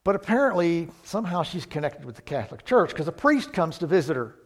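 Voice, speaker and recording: A man preaching a sermon, earnest and unhurried, who gets louder on the points he stresses. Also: a little high, sing-song. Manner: slow, earnest, rises in volume on key points.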